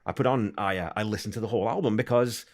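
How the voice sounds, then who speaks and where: A man's voice: on the low side, fast. A man hosting a podcast interview, enthusiastic and conversational, thinking aloud as he asks questions. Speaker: podcast host. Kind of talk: casual interview chat.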